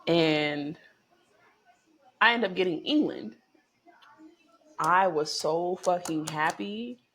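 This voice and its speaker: A woman vlogger telling a personal story in a lively, chatty way, with lots of swearing and big swings in pitch and volume. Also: takes it slowly, breathy edge. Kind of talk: casual storytelling to camera.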